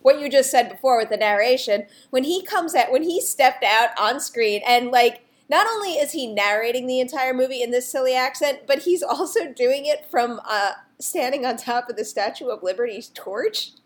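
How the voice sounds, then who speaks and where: Woman host of a movie podcast, kinda high voice, friendly and chatty. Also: animated, moderate pace, few pauses. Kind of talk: casual movie talk show.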